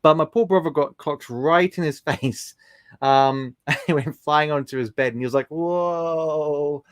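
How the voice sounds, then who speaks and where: A man's voice: mid-range voice, normal speed, no echo, clean studio sound. Chatty man on a live stream. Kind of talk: casual live-stream chat, reading out viewer comments.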